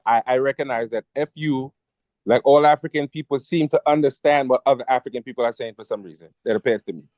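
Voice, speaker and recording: A man's voice: mid-range voice, darkish tone, no room sound. A man in a casual discussion, speaking hesitantly with stammering restarts. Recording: dull lo-fi dry audio.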